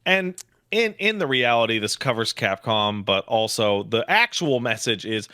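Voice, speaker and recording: A man in his late thirties co-hosting a podcast, making his points emphatically and swearing. His voice is strongly bright and forward, and his pitch sits in the middle for a man. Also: sing-song, moderate pace, smooth. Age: 30s. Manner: emphatic, swears, trails off mid-thought. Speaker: podcast co-host. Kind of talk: casual banter.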